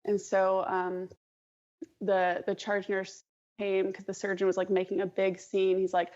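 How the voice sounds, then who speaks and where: A woman who is an emergency nurse, a guest in a casual interview, telling an animated story and acting out the dialogue. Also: mid-range voice, unhurried, muffled recording.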